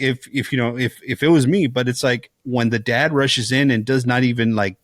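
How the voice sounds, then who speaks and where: A man on a podcast, telling a scary film scene in loose, casual chat. His delivery is animated and full of "like"s and restarts, and he keeps slipping into the characters' lines. The sound is close and dry, with no room in it. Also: medium pitch, a little fast, hardly any pauses, dry recording. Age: young adult to middle-aged, a father. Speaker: podcast co-host.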